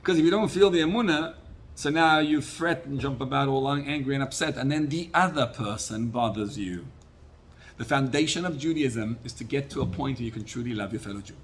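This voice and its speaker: A man, a rabbi, giving a Torah class sermon, teaching in an animated way with Hebrew and Yiddish terms. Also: mid-range voice, fairly quick, slight background noise.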